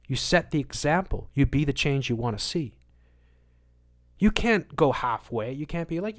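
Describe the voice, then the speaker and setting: Male livestream host, mid-pitched voice, casual moralizing rant, loud bursts and mumbled asides. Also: very animated, moderate pace, no echo, studio quality. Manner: emphatic, moralizing, repeats words for stress; swings between loud outbursts and muttered asides. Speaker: livestream host answering chat.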